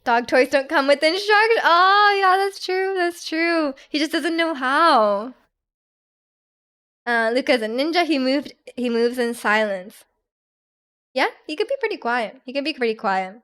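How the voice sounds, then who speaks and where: High-voiced young woman, chatty streamer. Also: expressive, a little slow, fairly bright tone. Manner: chatty, giggly, many restarts and "like". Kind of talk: casual chat reading viewer comments.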